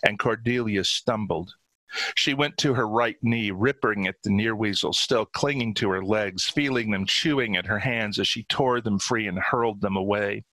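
Man, author, reading fiction aloud, low forceful voice, dry close sound. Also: normal speed, no room sound, poor audio. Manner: steady dramatic narration. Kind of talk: reading his own short story aloud.

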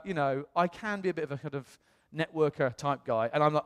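British pastor, animated sermon story. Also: male voice, on the high side, brisk, few pauses, clean tone, big-room sound. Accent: British English. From England. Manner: animated storyteller, acts out quoted voices. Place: church auditorium.

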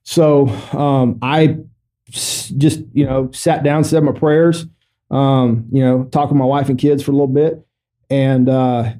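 Sitting for a podcast interview in a studio, this middle-aged male veteran recounts a personal story in a mellow, level, mid-range voice. He makes matter-of-fact jokes about grave topics, speaking loosely with many fillers and hesitations.

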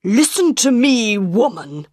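Woman reader doing a hot-tempered male theatre director, blustering and loud, dry studio sound. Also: medium pitch, animated, slow, dry recording. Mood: angry. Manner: blustering, raised voice. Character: angry middle-aged male theatre director.

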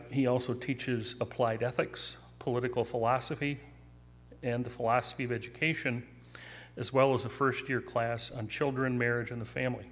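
Guy hosting a talk, reads the intro slow and formal. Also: mid-range voice. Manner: measured, formal reading. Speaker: event host introducing the speaker. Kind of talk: read introduction. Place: theater stage.

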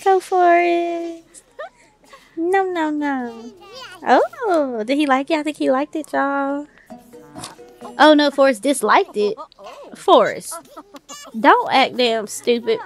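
Woman doing sims commentary, talks back to her characters and cusses, kinda high and gravelly. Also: expressive, slow, long pauses, soft background music. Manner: swears casually, informal slang. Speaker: let's play creator. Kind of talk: casual gameplay commentary.

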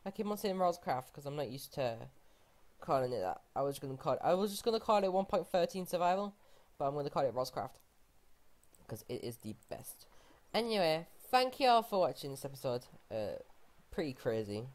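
A woman casually commenting on her own game play, excitable, often gasping and exclaiming in disbelief. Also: deep voice, brisk. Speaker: gaming channel host.

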